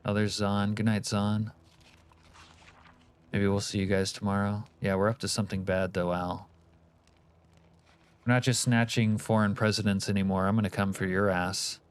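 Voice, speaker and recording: A man's voice: lowish voice, level tone, normal speed, pauses often, smooth. A man hosting a livestream, chatting casually and joking with his viewers in a profane banter while reading chat. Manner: reads and answers live chat. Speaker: livestream host.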